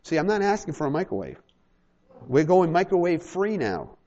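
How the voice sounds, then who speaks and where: A man's voice: a little high, moderate pace, dull audio. A man preaching a sermon to a small congregation, acting out little dialogues and joking with the room. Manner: animated, acts out little dialogues, jokes with the congregation. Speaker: pastor.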